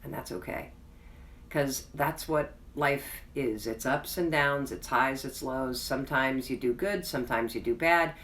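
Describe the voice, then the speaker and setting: Low-voiced woman, frank and chatty. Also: a little slow, few pauses, a bit bright, far from the mic, a little hiss or hum. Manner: chatty, self-deprecating, frank; earnest, reassuring pep talk. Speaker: host. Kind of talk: candid personal storytelling to camera.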